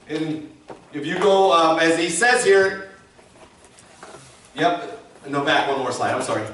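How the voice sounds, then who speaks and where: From far back in an echoing church sanctuary, a pastor with a high, sharp voice delivers an emphatic sermon, urging the congregation to repeat after him. A little hiss or hum is present.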